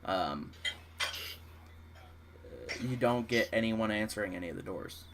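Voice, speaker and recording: A man's voice: on the low side, measured pace, noisy background. A man running a tabletop game as dungeon master, narrating casually with many fillers.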